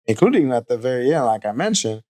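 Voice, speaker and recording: Measured, candid male podcast co-host. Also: medium pitch, very animated, warm tone. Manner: measured, candid, hesitant with fillers. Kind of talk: casual fight recap chat.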